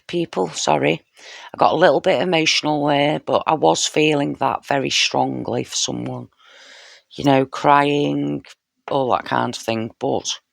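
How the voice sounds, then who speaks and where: Slow gravelly-voiced tarot reader. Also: mid-range voice, no echo, studio quality. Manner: slow, heartfelt, frequent "you know" and "yeah?" check-ins; intimate, speaks straight to the viewer. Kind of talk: casual spoken tarot reading to camera.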